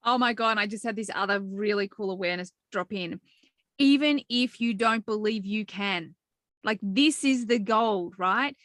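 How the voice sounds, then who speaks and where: A woman's voice: mid-range voice, moderate pace, a bit bright, no echo, studio quality. A woman hosting a spiritual podcast, talking with eager enthusiasm and casual swearing. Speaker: podcast host. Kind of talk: excited spiritual podcast chat.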